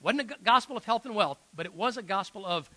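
A middle-aged male pastor preaching with a high, bright voice. His delivery is earnest and emphatic, with fillers and restarts, and the sound is close and dry. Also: animated, fast talker, no echo, rough recording. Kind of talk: sermon storytelling.

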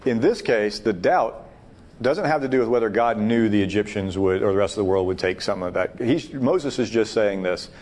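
A man's voice: on the low side, moderate pace, darkish tone. A man leading a Bible study discussion, talking emphatically and thinking aloud with frequent restarts. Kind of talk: teaching discussion.

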